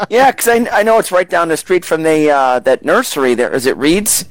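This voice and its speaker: A man hosting a podcast, asking curious questions and reacting with quick interjections. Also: a little high, expressive, no echo, rough recording. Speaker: podcast host.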